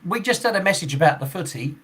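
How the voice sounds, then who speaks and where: A man in his sixties chats casually on a podcast, his voice sitting a little high for a man. He rambles, breaks off mid-sentence and chuckles between thoughts. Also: animated, fast talker, a bit bright, slight background noise. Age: 60s. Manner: rambling, chuckling, with frequent fillers and restarts. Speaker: football referee and podcast host.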